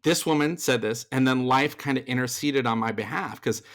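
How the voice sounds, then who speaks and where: Male podcast guest, stage performer, animated anecdote, chatty and loose, mid-range voice. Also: medium pitch, normal speed. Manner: animated, acts out other people's lines in the story; loose, chatty delivery with fillers and restarts. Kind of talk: conversational storytelling.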